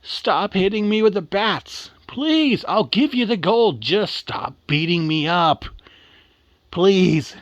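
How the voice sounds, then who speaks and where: A man's voice: on the high side, very animated, a little slow, no echo. A man doing a foul-mouthed rude leprechaun. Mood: pleading. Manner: crude, cussing, dismissive.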